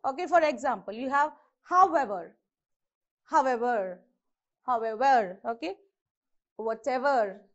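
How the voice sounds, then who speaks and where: A woman with an Indian English accent teaching an exam-prep English lesson, repeating each word slowly to model how it is said. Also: high voice. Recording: dull lo-fi sound.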